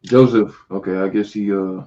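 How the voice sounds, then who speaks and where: Low guy co-hosting, short matter-of-fact lines, kinda muffled lo-fi audio. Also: fairly even intonation, normal speed, warm tone. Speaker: co-host screening callers. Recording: dull lo-fi sound.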